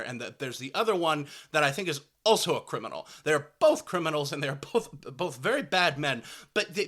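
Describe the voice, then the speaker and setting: A young man from rural Southwest Missouri delivering a rambling comedic monologue, mocking voices and breaking into loud shouted bursts. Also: on the high side.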